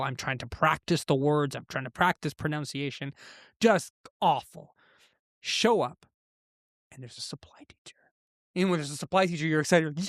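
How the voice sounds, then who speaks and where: A man who grew up in Canada as an immigrant, telling a personal story in an interview, acting out the voices of the people in it with big leaps in pitch. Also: fairly even intonation, moderate pace, fairly bright tone, no echo, studio quality. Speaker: guest, entrepreneur.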